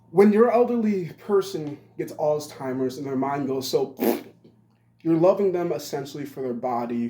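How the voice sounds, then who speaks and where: A man's voice: medium pitch, mellow. Blunt young man rambling in an echoey room. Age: 20s. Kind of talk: rambling spoken monologue. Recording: roomy echo.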